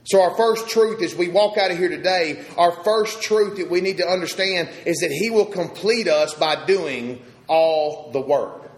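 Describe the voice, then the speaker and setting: High-voiced preacher in an echoey hall. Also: male voice. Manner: storytelling with pauses, repeats words, swings loud and soft. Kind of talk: sermon.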